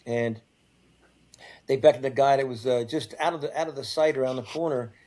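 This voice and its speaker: Older man telling his story haltingly. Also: medium pitch, fairly even intonation, dark tone. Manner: halting, repeats and restarts words. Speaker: guest. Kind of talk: first-person storytelling in an interview.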